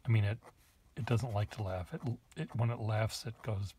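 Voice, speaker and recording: Here a man with a low, dark, husky voice talks at a normal speed with fairly even intonation, and there's no room sound. He's a pen collector doing a casual show-and-tell, holding pens up to the camera and thinking aloud with small asides as he writes at his desk.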